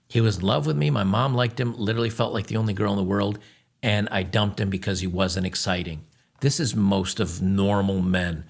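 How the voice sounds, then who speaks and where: A man's voice: fairly low pitch, vocal fry. A man hosting a reaction commentary, scornful and lecturing, repeating his points. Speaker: commentary host.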